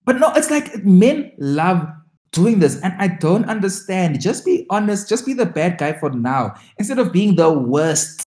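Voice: medium pitch, sing-song, a little mellow. Podcast cohost, chatty and exclamatory, roomy echo around the voice. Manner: chatty, exclamatory, quick asides. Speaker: podcast co-host. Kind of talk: casual reality-TV recap chat. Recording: echoey room.

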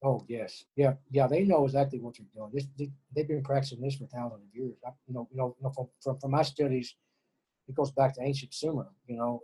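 Earnest middle-aged man, mellow and clear. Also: mid-range voice, low-quality recording. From Texas. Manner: earnest, repeats words and restarts often. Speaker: interview guest, former prisoner. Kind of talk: emotional spiritual monologue.

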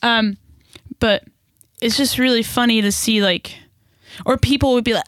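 A young woman in casual conversation, telling stories in an animated way, swearing freely and laughing often. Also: fairly high pitch, moderate pace, no room sound, studio quality. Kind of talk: casual chat.

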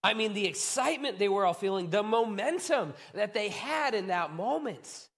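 Male pastor, sermon, high voice, very lively delivery, acts out the excitement. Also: moderate pace. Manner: animated storytelling, acting out excited disciples.

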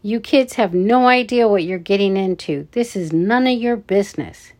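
A woman voicing a gruff, threatening male security guard who barks orders at children in a storybook reading. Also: medium pitch, moderate pace, a little mellow, lightly acted. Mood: snapping. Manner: barking, bullying.

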